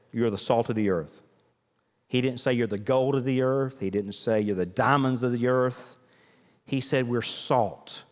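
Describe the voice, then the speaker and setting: An older male pastor preaching a sermon, building rhythmic emphasis through repeated phrases. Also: mid-range voice. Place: church sanctuary. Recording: long hall reverb.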